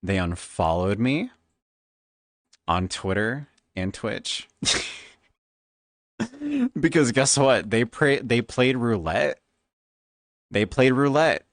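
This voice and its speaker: Man, flamboyant, tipsy, Valley Girl lilt, lively swooping pitch, dry close sound. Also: slow pace, long pauses, no echo. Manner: flamboyant, animated. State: tipsy from drinking. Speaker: streamer. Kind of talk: casual stream chat.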